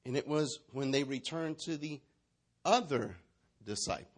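A man's voice: on the high side, a little slow. A man preaching a sermon as pastor, emphatic and repetitive, calling out lines for the congregation to repeat.

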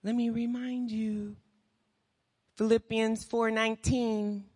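An impassioned woman preaching with a high, bright, sharp voice, pausing between unhurried phrases. She piles up rhetorical questions and swings from near-whispers to shouts. Her voice rings out with the long reverb of a large hall. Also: lively intonation. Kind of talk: sermon.

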